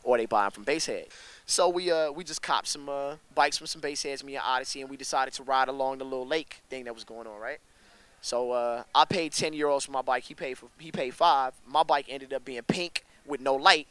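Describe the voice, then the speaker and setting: A young man, a rapper, telling stories in a casual interview with a slangy, animated manner that jumps up in pitch when he gets excited. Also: brisk, clean tone, dry recording. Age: young adult.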